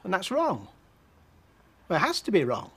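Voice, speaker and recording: A man's voice: high voice, huge pitch swings, normal speed, vocal fry, a bit bright, breathy edge, full character voice. An actor playing an earnest, stammering man who argues passionately for the adoption of troubled children.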